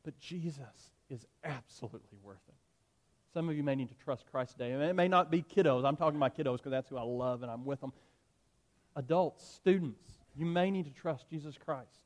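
A male pastor preaches a sermon to his congregation in a voice somewhat higher than most men's, speaking a little fast. He's earnest and emphatic, moving from storytelling into direct appeals.

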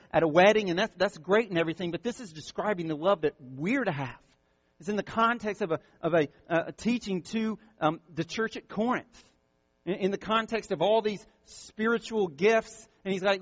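A male pastor preaching an impassioned sermon, repeating words and swinging from loud peaks to soft, quiet lines. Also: sits high, moderate pace, no echo, lo-fi sound.

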